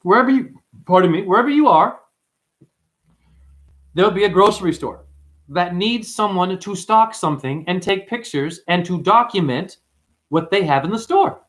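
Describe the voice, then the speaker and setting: Excitable, foul-mouthed male streamer. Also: high voice, normal speed, pauses often. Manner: profane, rambling, excitable, swings between shouting and muttering. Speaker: live streamer. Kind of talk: unscripted livestream rant to chat.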